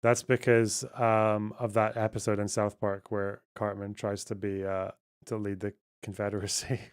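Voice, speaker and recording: A man's voice: fairly low pitch, level tone, moderate pace, smooth. A man with a Scottish accent, casually reading and answering viewer chat on a livestream in a blunt, sarcastic, profane way. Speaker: streamer.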